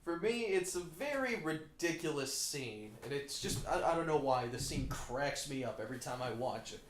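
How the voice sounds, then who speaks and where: Animated, higher-voiced man retelling scenes. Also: moderate pace, a little hiss or hum. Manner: animated storyteller, swears freely. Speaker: podcast co-host. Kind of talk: casual film-discussion chat. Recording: roomy echoey room.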